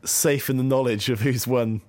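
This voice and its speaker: A man's voice: mid-range voice, steady tone, normal speed, a little mellow. A man co-hosting a podcast in casual chat, easygoing and wry, laughing along with his partner. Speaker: podcast co-host.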